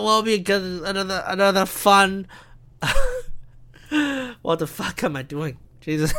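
A man's voice: high voice, a bit bright, clear, resonant tone, no echo. A man hosting a solo podcast, rambling and interrupting himself as he riffs and laughs at his own jokes. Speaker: podcast host.

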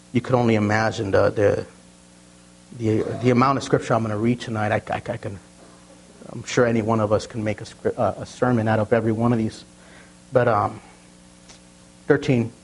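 A man preaching a sermon, stumbling over and repeating words as he tells stories, and reading scripture slowly with emphasis. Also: fairly low pitch, poor audio. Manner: repeats words and restarts often, storytelling.

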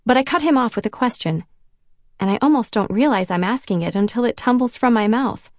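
A woman's voice: on the high side, fairly quick, darkish tone, no room sound, studio quality. A woman reading a novel in first person, with a self-conscious, wry inner voice. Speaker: audiobook narrator. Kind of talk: first-person audiobook narration.

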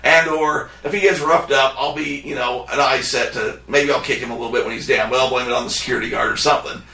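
A man's voice: medium pitch, fast talker, vocal fry, echoey room, recorded from a distance. A man hosting a podcast, telling a story in casual chat and acting out what others said. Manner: animated, acts out quotes of others. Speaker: podcast host.

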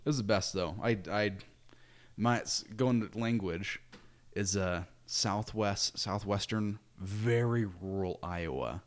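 A young man with a fairly low voice who is a guest on a casual chat show. He tells his stories with animation, often restarting his sentences. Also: takes it slowly.

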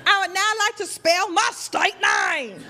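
A woman's voice: extremely high pitch, sing-song, a little slow, voice pushed up, full character voice. A woman playing a beauty pageant contestant from Mississippi, over-polite and full of thank-yous. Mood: sugary. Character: chirpy Southern beauty queen from Mississippi. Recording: live club crowd laughter.

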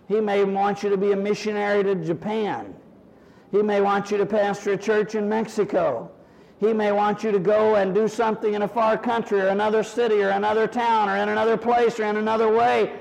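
A man with a high, gravelly voice preaches, swinging between quiet explanation and soaring, shouted prayer. The 1980s recording rings with a long church-hall reverb. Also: fairly quick. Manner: animated preaching that rises to shouts in acted prayers. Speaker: pastor. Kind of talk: sermon.

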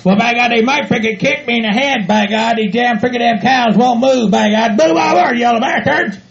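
A man doing a gravelly cussing hillbilly rancher. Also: very high voice, fairly quick, slight background noise. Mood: grumbling. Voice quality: gravelly, exaggerated country hick voice. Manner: grumbles, swears, keeps repeating "by God". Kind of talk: comedy audio skit. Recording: dull lo-fi home recording.

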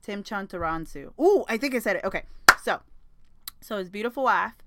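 A woman's voice: a little high, animated, fairly quick, heavy background noise. A young woman hosting a podcast, chatting in a rambling, casual way, swearing freely and laughing often. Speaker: podcast host. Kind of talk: casual chat.

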